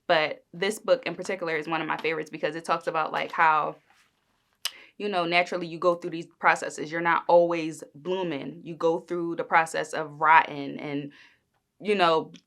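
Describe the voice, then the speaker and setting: A woman's voice: sits low, flat delivery, moderate pace, vocal fry, fairly bright tone. A young adult woman hosting a podcast, chatting casually and rambling, with lots of fillers and "like"s. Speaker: podcast host. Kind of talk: casual solo podcast chat.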